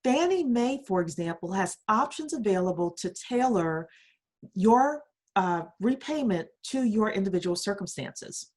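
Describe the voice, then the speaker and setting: A woman's voice: mid-range voice, expressive, unhurried, darkish tone. A woman hosting a daily economic news podcast, reading stories with emphatic rhetorical questions. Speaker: podcast host.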